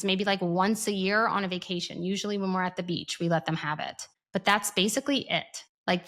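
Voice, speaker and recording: Woman, thirties, parenting host; blunt and candid, casual swearing, lots of restarts, middle pitch. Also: fairly bright tone. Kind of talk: casual opinion monologue.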